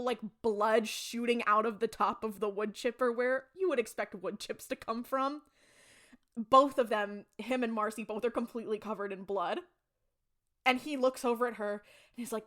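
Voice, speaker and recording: In a casual podcast chat recapping a TV episode, a young adult female co-host speaks a little high with a fairly bright tone. She relives the episode animatedly and voices the characters' lines.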